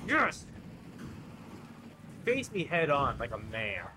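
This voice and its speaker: A man gaming on the couch with a friend, loudly trash-talking and laughing as he plays. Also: medium pitch, huge pitch swings, takes it slowly, noisy background. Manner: loud, playful trash talk, laughs often. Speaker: co-host playing a video game. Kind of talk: casual gaming chat.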